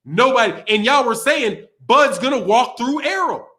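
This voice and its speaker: A very high-pitched, animated man with a sharp tone speaks at a normal pace while hosting a boxing livestream. His commentary turns into a heated, profane rant, with frequent laughs and repeated lines.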